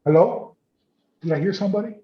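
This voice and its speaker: Male photojournalist, raised pitch, chatty anecdote with restarts, echoey lo-fi call audio. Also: brisk. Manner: animated, repeats words, restarts often. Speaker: photojournalist guest. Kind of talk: casual storytelling on a video call. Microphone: video call. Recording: roomy, dull video call audio.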